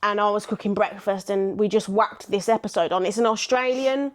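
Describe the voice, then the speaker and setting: A woman's voice: medium pitch, fairly quick. Friendly, chatty woman. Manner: friendly, chatty, supportive interjections. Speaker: podcast co-host. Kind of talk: casual chat.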